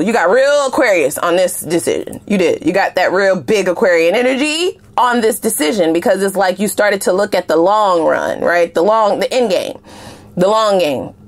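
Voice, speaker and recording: A woman giving a casual tarot love reading to her viewers, chatty and emphatic, with slangy asides and repeated phrases. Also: mid-range voice. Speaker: tarot reader.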